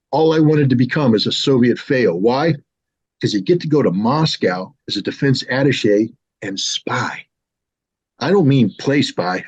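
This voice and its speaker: A man in his sixties from the United States, telling a personal story in a casual, animated way on his own show. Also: medium pitch, slightly rough. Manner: animated, with lively mimicry of others. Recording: slightly dull lo-fi sound.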